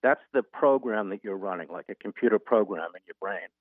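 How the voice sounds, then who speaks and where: A man's voice: fairly low pitch, a little fast, no echo. A man who is an author and guest, earnestly walking listeners through an example in a radio interview. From Boston. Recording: narrow phone-line sound.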